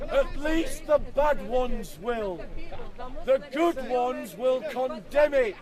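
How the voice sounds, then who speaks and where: Man, very high voice, open-air debate speech, repeating lines over hecklers, crowd noise behind. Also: expressive, slow pace. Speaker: street preacher. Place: outdoors in a city park, crowd around. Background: crowd chatter.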